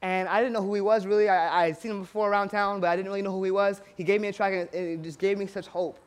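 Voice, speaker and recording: High-voiced man preaching a sermon. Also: fairly even intonation, very fast, clear, resonant tone. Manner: storytelling preaching with frequent call-outs for amen. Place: church.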